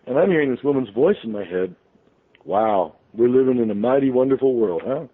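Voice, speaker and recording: A man's voice: mid-range voice, lively intonation, a little fast. A man, a radio show guest, telling a long story in a rambling way full of ums and restarts. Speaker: interview guest, author. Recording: tinny phone line.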